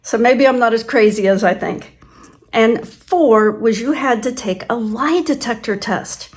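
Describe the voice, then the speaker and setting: A woman's voice: fairly high pitch, unhurried. An older woman from Kansas, telling stories in a casual vlog, chatty and laughing often as she acts out quoted voices. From Kansas, USA. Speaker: channel host. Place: farm home.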